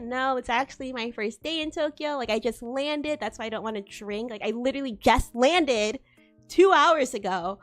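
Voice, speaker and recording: A young woman with a high, bright-sounding pitch chats casually on a stream and tells a story with animated energy. She laughs often and curses freely. Soft music plays faintly underneath. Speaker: VTuber streamer. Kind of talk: casual chat.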